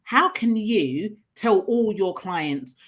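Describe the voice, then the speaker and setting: A middle-aged woman, a coach and trainer, telling personal stories in an interview in an earnest, animated way. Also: medium pitch, slow pace. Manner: earnest, animated storytelling with laughs.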